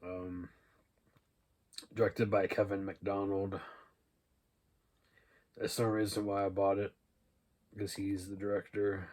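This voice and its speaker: A man's voice: low voice, takes it slowly, pauses often. A young man casually going over his thrift-store movie finds, rambling with lots of fillers. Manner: relaxed and rambling, with many "uh" and "um" fillers. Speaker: thrift haul vlogger. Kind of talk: casual haul video, reading out DVD titles and cast lists.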